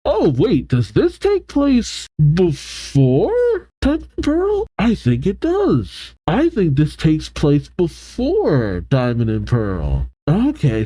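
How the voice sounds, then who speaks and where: A man's voice: on the high side, wildly swooping pitch, slow, few pauses, dark tone, dry recording, poor audio. A man thinking aloud in casual reaction commentary, musing and restarting often. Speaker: reaction channel host.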